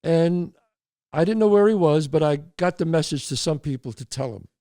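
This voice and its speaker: Older man telling a lively story. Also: on the high side, normal speed, no echo, clean studio sound. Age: 60s or older. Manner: animated storyteller, acting out friends' voices. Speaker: host. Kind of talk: storytelling monologue.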